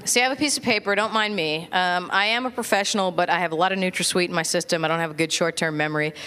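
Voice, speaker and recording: A woman comedian performing a stand-up set at a live venue, wry and self-deprecating, with quick asides to the audience. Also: fairly low pitch, pushed and bright. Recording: live crowd and noise. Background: laughing, applauding audience.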